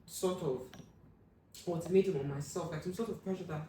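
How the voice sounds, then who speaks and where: A young woman tells her story as an interview guest, slipping into quoted voices that jump loud and high. Her tone is mellow and dark. She sits back from the mic in a very echoey room with a faint hum behind her. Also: brisk, far from the mic. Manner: animated, acts out quoted voices with sudden loud high bursts.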